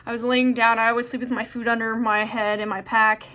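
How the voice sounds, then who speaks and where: A woman's voice: on the high side, little pitch movement, brisk, sharp tone. A young woman answering viewer questions in a chatty, rambling way with lots of fillers. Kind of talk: casual chat.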